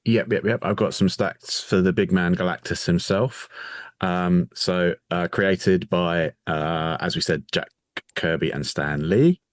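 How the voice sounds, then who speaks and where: A man with a remarkably deep voice co-hosts a podcast, reading out facts with nerdy relish. His voice sounds dry and close, with no room around it. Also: fairly even intonation, a little slow, dry recording. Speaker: podcast co-host. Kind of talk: casual chat.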